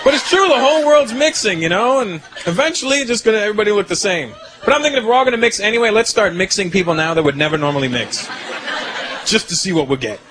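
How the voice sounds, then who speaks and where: Animated high-voiced man doing stand-up. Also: fast talker. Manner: animated, punchline-driven, conversational. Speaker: stand-up comedian. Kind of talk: stand-up comedy routine. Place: comedy stage before a live audience. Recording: live show, loud audience laughter and noise.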